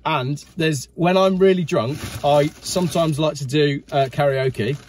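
A talkative middle-aged man hosting a relaxed chat, enthusiastic and quick to laugh. His voice sits a little high. A faint hiss of noise runs under it. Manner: chatty, enthusiastic, laughs easily. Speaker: host. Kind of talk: casual chat.

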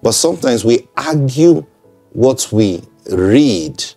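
A man's voice: medium pitch, lively intonation, slow pace, gravelly, dark tone, faint music behind. A man preaching in a broadcast sermon. He speaks conversationally, repeats himself and checks in with listeners.

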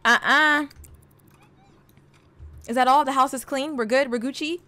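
A young woman giving casual, slangy gameplay commentary, talking straight to her game character and breaking into excited exclamations. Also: sits high, fast, no room sound. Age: young adult. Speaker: gaming video host.

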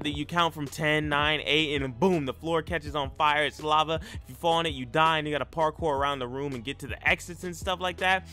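A man giving casual, slangy let's-play commentary as a YouTuber, talking with energy and hype while he plays. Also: a little high. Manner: energetic, slangy, hyped-up chatter. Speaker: YouTuber gamer.

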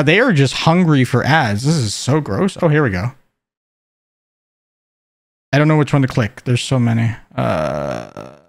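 A man streaming a video game, chatting in a playful, joking way and jumping into excited exclamations. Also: vocal fry. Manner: playful, jokey, bursts into excited high exclamations. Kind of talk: casual gameplay commentary.

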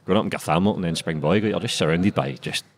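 A man's voice: low voice, rapid-fire. A young man in his twenties with a Glaswegian accent, a sweary, slangy author chatting casually in an interview and laughing often. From Scotland. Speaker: author guest.

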